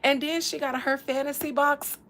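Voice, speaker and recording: A woman's voice: high-pitched, steady tone, moderate pace, a bit bright. A woman hosting a podcast, chatting in a casual, profane, comedic way and laughing often. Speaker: podcast host.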